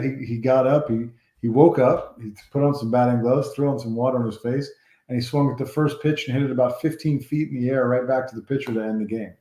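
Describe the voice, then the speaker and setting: Deep-toned man telling baseball stories. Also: roomy sound. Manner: rambling, animated anecdotes with restarts. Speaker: former baseball player, guest. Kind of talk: storytelling interview.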